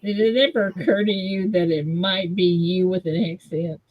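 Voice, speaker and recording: A woman's voice: fairly low pitch, fairly even intonation, moderate pace, dull audio. A woman hosting a casual live show, bantering and laughing easily. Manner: laughing, playfully defensive banter. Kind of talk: casual live-stream chat.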